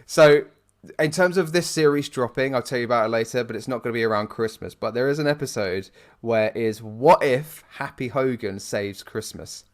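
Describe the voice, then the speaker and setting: A man's voice: mid-range voice, moderate pace. Rambling man chatting on a podcast. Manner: rambling, frequent fillers and restarts, laughs easily. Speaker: podcast co-host. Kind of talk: casual chat.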